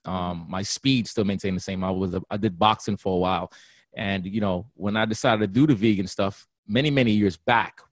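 A man, a guest personal trainer on a radio interview, talking in an animated, laugh-prone way. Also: deep voice, brisk, no room sound. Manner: animated, laughs often, slips into playful voices.

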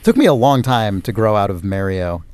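A young man co-hosting a podcast, telling a story in an animated, self-mocking way. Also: lowish voice, a little fast, dry recording. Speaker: podcast co-host. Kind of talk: casual storytelling chat.

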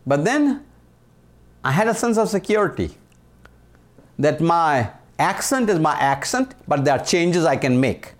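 Here a leadership speaker in his sixties, Indian-born and Indian-accented, gives a rousing motivational address. He sounds a little high and very animated, hammering home key phrases through repetition and easing off the pace whenever a punch line lands.

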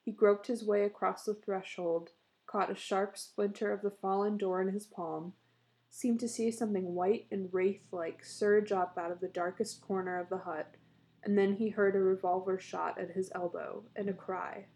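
A woman narrator reading a short story aloud in a steady, measured storytelling manner. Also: mid-range voice.

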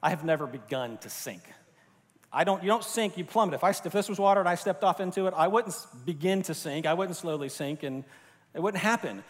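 A man's voice: high-pitched, animated, fairly quick. Man preaching in a reverberant hall. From Florida. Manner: conversational, with fillers and restarts. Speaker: pastor. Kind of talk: sermon.

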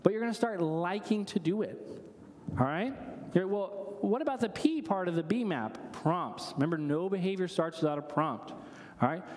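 High-voiced pastor preaching in a reverberant hall. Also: male voice, normal speed. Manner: conversational, animated storytelling with asides. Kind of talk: sermon. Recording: long reverb of a large hall.

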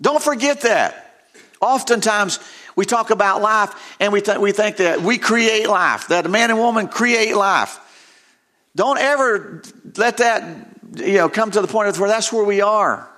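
Older male pastor, high and bright, emphatic sermon delivery that restarts and repeats phrases to drive points home. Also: measured pace. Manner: emphatic, repeats words while building to a point; reads scripture aloud with rising intensity.

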